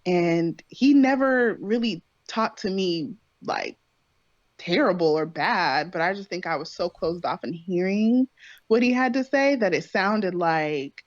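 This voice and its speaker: A woman's voice: medium pitch, big pitch swings, measured pace, no echo, lo-fi sound. A woman talking as a guest on a podcast, earnest and reflective, stressing her points. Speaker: podcast guest, host's partner. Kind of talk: casual chat.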